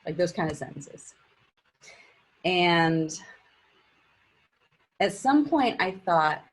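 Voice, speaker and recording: A woman's voice: fairly low pitch, animated, very slow, pauses often, breathy edge. A middle-aged woman teacher giving her class an earnest, encouraging pep talk through a personal story. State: teary.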